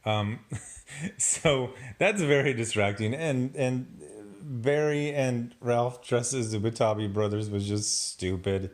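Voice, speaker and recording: A man's voice: medium pitch, slow pace. A man giving a casual, sarcastic review of a TV episode, laughing often as he picks it apart. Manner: sarcastic, animated, laughs a lot. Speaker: TV show reviewer.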